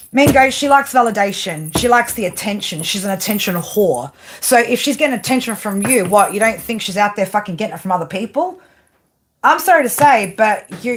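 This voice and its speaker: A woman's voice: mid-range voice, a bit bright, a little hiss or hum. A woman giving a live tarot reading to viewers, blunt and swearing constantly, tagging her lines with "right?". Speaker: tarot reader.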